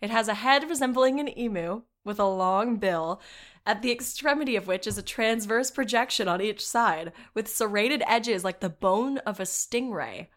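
A woman co-hosting a casual podcast with a middle-pitched voice. She reads old accounts aloud and keeps breaking off into laughter and swearing asides. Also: moderate pace. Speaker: podcast co-host.

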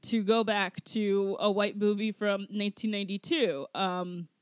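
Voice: medium pitch, fairly even intonation, a little slow, clean tone, dry recording, clean studio sound. A podcast co-host in casual chat, rambling with many fillers and restarts.

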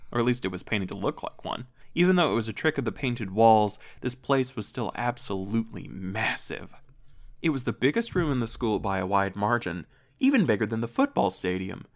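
A man co-hosting a podcast, casually recapping a story and reading excerpts aloud. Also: fairly low pitch. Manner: rambling recap with fillers. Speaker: podcast co-host.

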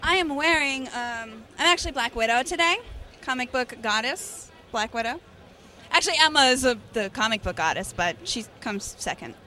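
A bubbly woman chatting flirtily with a host on a busy convention floor. Her voice is high and very bright, with a quick, sparkling edge. She keeps it casual and playful. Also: expressive. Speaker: show regular in costume. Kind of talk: casual chat.

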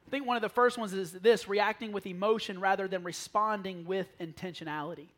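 A man preaching a sermon to a church, telling lively stories and dropping to a near whisper for asides. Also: high voice, brisk. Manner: animated storytelling, drops to a near whisper for asides. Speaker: pastor. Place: church sanctuary.

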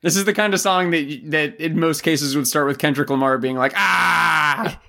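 A man's voice: a little high, steady tone, brisk, a bit bright. A man co-hosting a podcast in casual chat, throwing out crude wisecracks. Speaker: podcast co-host.

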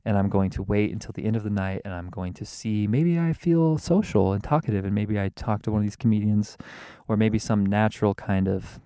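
A man's voice: little pitch movement, brisk, warm tone, clear, resonant tone, dry recording. Rambling man talking in a car. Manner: rambling, wordy and self-mocking, with sudden theatrical jumps in pitch. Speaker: podcast host. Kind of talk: casual rambling monologue. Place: inside a car. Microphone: podcast microphone.

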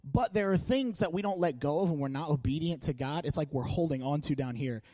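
Slightly high-voiced man giving a chatty sermon. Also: a little fast, dry recording. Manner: chatty, joking, animated delivery. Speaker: church speaker. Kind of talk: casual sermon. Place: church meeting room.

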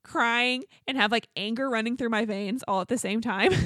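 In a dry, studio-quality recording, a pregnant young woman co-hosting a podcast chats her way through a long story, dropping plenty of "like"s and laughing a lot. Her voice is on the high side and a bit bright, at a normal speed.

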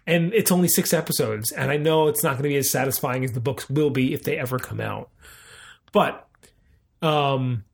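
A man co-hosting a podcast in casual chat, retelling scenes in an animated way with quick asides. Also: medium pitch, vocal fry. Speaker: podcast co-host.

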